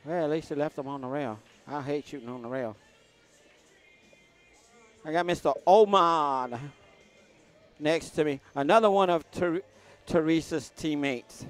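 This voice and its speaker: A man with a drawl talks through a pool match on a live stream in a loose, joking way. His voice sits slightly higher than most men's. He keeps tossing shout-outs to the people watching. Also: measured pace, long pauses, soft background music. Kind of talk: casual live commentary.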